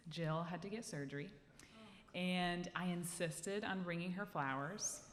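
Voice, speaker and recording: A woman telling a personal story live on stage into a handheld mic, animated and acting out the scene for the audience. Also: lowish voice. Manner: lively, animated, acts out the scene. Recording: live hall reverb, faint room noise.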